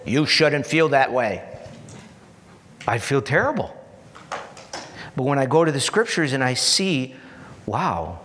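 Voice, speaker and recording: A man preaching a sermon in an earnest, repeating style, lingering over each phrase at a slow pace. His voice carries a long reverb, as if filling a large hall. He builds to emphatic peaks, then drops to soft asides. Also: medium pitch. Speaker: pastor.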